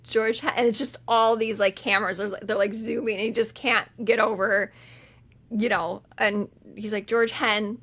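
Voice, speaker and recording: A woman's voice: medium pitch, moderate pace. A woman co-hosting a podcast, retelling a film in casual chat and acting out the characters' lines. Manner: animated retelling, acts out quoted lines in funny voices. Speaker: podcast co-host. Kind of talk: casual movie recap chat.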